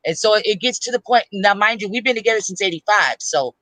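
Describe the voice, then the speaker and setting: A man's voice: high voice, quick pace, bright, forceful tone, dry recording, poor audio. A middle-aged man speaking bluntly and plainly on a casual panel talk, often repeating himself.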